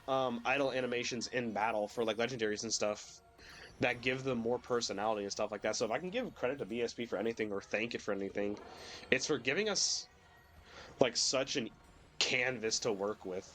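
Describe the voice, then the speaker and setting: A man's voice: mid-range voice, fairly bright tone. A young man streaming a video game while sick, rambling casually with lots of fillers and the odd swear, his voice cracking at times. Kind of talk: casual gameplay commentary.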